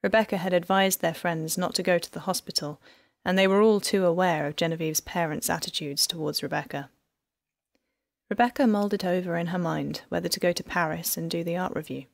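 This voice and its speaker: A woman narrating an audiobook in an even, measured storytelling manner. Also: lowish voice, creaky, no echo. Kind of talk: scripted narration.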